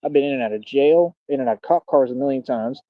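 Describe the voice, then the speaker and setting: A man's voice: mid-range voice, fast talker, no echo. A young man ranting defiantly at his critics on a livestream, confrontational and full of street slang. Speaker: streamer. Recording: dull lo-fi stream audio.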